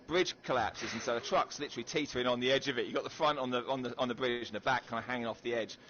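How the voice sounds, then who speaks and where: A man's voice: medium pitch, very fast. A man with a London accent telling stories in casual gaming banter, chatty and full of slang. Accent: London English. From England. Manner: chatty storyteller, animated, British slang. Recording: lo-fi voice chat with noise.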